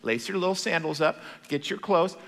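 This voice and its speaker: A preacher acting out a tender, fussing angel who talks in a hushed, coaxing way, like a parent bundling up a child. The voice rings with the long echo of a church hall. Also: male voice, on the high side, lively intonation, moderate pace, gravelly. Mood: gentle coaxing. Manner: soft, coaxing, motherly. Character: gentle fussing male angel.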